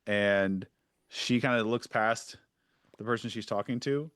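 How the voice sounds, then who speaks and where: A man's voice: lowish voice, a little slow, fairly bright tone, smooth, no echo, studio quality. A man narrating a tabletop game as game master, casual and full of fillers and restarts.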